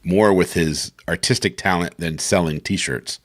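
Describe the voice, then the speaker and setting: A man co-hosting a podcast and reading comic voiceovers, animated, laughing often and swearing freely. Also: low voice, unhurried, no echo, studio quality. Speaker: voiceover reader and podcast co-host. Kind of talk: casual chat and recording session.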